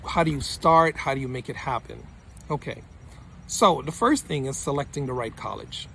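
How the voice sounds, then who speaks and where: A man's voice: medium pitch, animated, moderate pace, creaky, pushed and bright, a little hiss or hum. A male mentor giving a motivational talk to camera, emphatic and repeating his points for punch. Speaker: study-abroad mentor.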